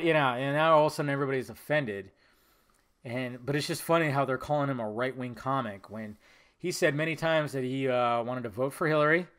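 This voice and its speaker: A man's voice: on the high side, a bit bright. A man hosting a solo podcast, talking casually and rambling, with profanity and frequent laughter. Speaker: podcast host.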